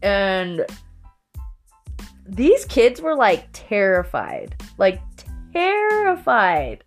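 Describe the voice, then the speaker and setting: A woman from Colorado spins stories from her past in an easy, unhurried way, stretching her words out. She laughs often and swears freely, with a mischievous streak. Faint music plays quietly underneath. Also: fairly low pitch, animated. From Colorado, USA. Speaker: storyteller recalling her youth. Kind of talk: casual personal anecdote.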